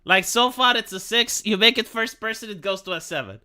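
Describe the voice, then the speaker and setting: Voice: mid-range voice, a little fast, pushed and bright. A streamer giving exasperated live commentary over gameplay, ranting and stumbling over words.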